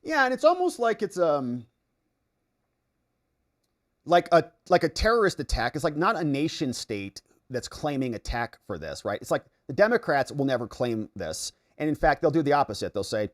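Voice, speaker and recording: Animated American man hosting a livestream. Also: normal speed. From United States. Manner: animated, swings between excited outbursts and low mutters. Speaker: livestream host. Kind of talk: political commentary livestream reading viewer chat.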